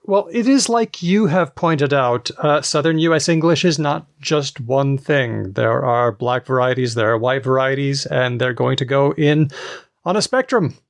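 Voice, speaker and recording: A man's voice: mid-range voice, a little slow, gravelly, no echo, studio quality. A man co-hosting a podcast, explaining things in an easygoing, casual chat. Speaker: podcast co-host.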